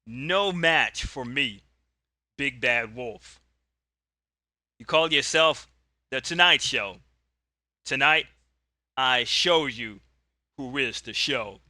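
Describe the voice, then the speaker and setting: A man's voice: mid-range voice, expressive, slow, pauses often, pushed and bright, no echo, exaggerated voice. A man doing a boastful wrestler's promo. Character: confident male pro wrestler cutting a promo.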